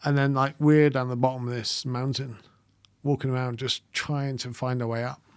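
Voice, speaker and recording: A man hosting a meditation livestream, talking softly and hesitantly with frequent pauses, reading out viewer comments as he goes. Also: mid-range voice, flat delivery, clear, resonant tone, no room sound. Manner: soft-spoken, halting, with frequent ums and gentle laughs. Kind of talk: live-streamed reflective talk, reading viewer comments.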